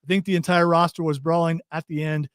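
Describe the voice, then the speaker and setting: A man from Ohio hosting a loose, joking chat and reading comments from the stream. His voice sits a bit high for a man and is recorded dry and close, with no room sound. He rambles and laughs easily. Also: little pitch movement, quick pace, clear, resonant tone, no echo. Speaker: podcast co-host.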